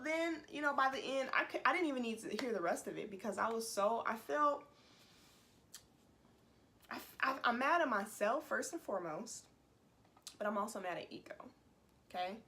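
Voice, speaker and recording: A woman vlogger talking casually to camera, animated and exasperated, with many restarts. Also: a little high, brisk. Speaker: beauty vlogger. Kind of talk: casual vlog talk to camera.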